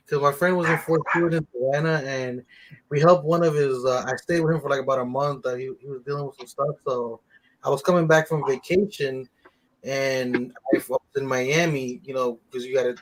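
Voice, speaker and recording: Guest, male, New York accent, mid pitch, relaxed storyteller. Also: fairly quick, low-quality recording. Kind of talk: casual chat.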